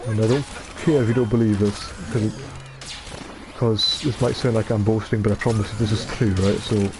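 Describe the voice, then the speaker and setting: A man's voice: lowish voice, fairly even intonation, fairly quick, over music. A tired young man with a Scottish accent chatting casually while playing online, rambling and joking with plenty of swearing. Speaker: gamer streaming online matches. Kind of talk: casual chat while gaming.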